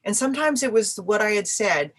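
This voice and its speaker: Animated middle-aged woman telling stories. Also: mid-range voice, fairly quick. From Canada. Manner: animated storyteller, acts out quoted voices. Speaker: musician guest. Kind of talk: casual interview answers.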